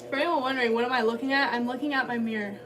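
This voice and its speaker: A woman's voice: fairly high pitch, steady tone, racing, over music. A woman in her twenties chatting casually on a pottery livestream, thanking viewers as she works. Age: 20s.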